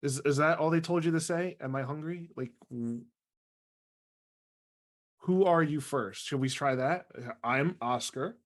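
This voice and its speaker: A man's voice: a little high, measured pace, pauses often. Sarcastic joking man playing a tabletop game. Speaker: player.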